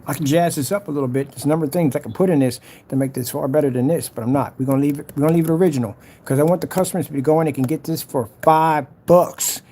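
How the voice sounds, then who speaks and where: A man's voice: on the high side, quick pace, few pauses, dark tone. A man narrating as he designs his product's ad, boasting about it and muttering to himself. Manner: boastful, hypes his product, trash talks rivals; mutters and whispers to himself while working. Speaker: small business owner making a product ad. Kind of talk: casual talk-along screen recording.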